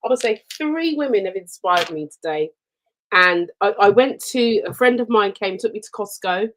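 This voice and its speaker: Woman, radio co-host, storytelling, mid pitch, expressive. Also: moderate pace, poor audio. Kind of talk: casual radio chat.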